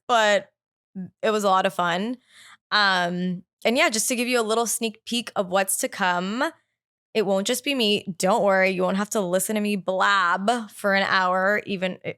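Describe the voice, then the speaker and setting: A woman's voice: medium pitch, fairly bright tone, smooth. A woman hosting her own podcast, talking in a casual, candid way, swearing freely and filling her sentences with "like". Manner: chatty and candid, swears freely, many "like" fillers. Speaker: podcast host. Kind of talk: casual solo podcast chat.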